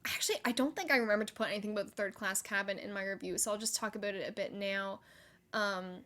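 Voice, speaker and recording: A young woman hosting a solo gaming podcast, chatty and excitable, with frequent likes and laughter. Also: mid-range voice, fast, slight background noise. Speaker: podcast host.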